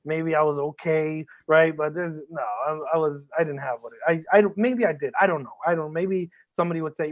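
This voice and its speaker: A man's voice: on the high side, fairly even intonation, a little fast. A man as a podcast guest, talking earnestly and emotionally, swearing a lot and often restarting his sentences. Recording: band-limited phone-like audio.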